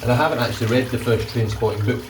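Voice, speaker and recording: A man's voice: medium pitch, very fast, noisy background. A man vlogging in a rambling, casual way, swearing now and then, while he shaves in a bathroom. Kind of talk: casual chat. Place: bathroom with running water. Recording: echoey bathroom, mic at a distance. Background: running tap water.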